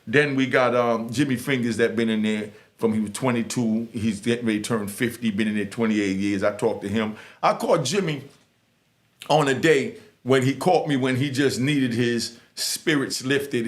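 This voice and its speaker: A man's voice: medium pitch, moderate pace. A man from Harlem with a New York accent, talking straight to the camera in a casual, emphatic and streetwise way as he gives advice to young people. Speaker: YouTuber giving advice to youth. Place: indoors in front of a green screen.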